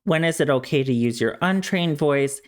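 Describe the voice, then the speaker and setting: A man, a speech-language pathologist, calmly explaining voice training in a measured, instructive way. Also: fairly high pitch. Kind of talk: educational explainer to camera.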